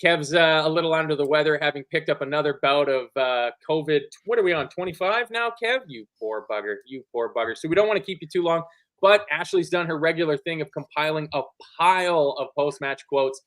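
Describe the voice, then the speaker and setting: A man's voice: on the high side, fairly bright tone. Joking football podcast host, man. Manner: quick, joking, swears casually. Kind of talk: casual match-reaction chat.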